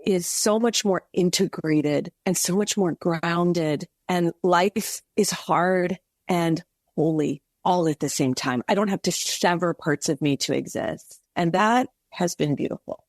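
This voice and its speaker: A woman guest on a podcast, telling an earnest, animated faith story with many restarts. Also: lowish voice, a little slow, dry recording, studio quality. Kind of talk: faith testimony in casual interview.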